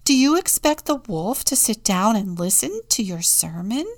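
A woman's voice: very animated, moderate pace. A woman reading a storybook aloud, voicing a haughty noblewoman who screams her lines. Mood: scornful. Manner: loud, screaming, high-pitched. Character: shrill haughty noblewoman, the countess.

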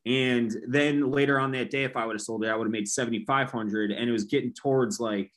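A man's voice: mid-range voice, steady tone, a little fast, fairly bright tone. A man from Chicago on a podcast, ranting casually and swearing. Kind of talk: casual profane podcast chat.

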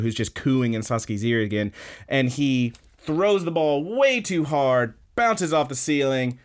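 A man hosting a podcast, recapping an episode in a casual, rambling way with lots of fillers and restarts. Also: mid-range voice. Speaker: podcast host.

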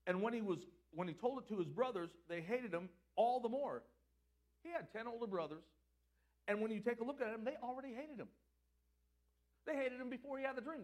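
A man preaching a sermon as pastor, swinging between loud emphatic lines and quiet, prayerful passages. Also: extremely high pitch.

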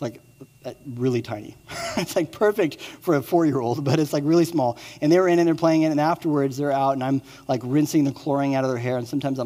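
A man in his thirties giving a sermon as pastor, moving between lively storytelling and quiet, earnest appeals to the listeners. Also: mid-range voice, long reverb tail. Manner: swings from excited storytelling to hushed earnest appeals.

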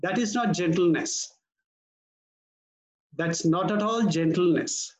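A man preaching a sermon as pastor, earnest and measured, slowing down to stress key words. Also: high voice, low-quality recording.

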